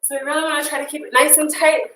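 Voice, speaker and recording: A woman's voice: high voice, little pitch movement, rapid-fire, a bit bright, slight background noise. A woman fitness instructor leading a workout class, upbeat and encouraging, counting down and cheering with whoops. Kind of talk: live workout class cueing. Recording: echoey room, voice from a distance.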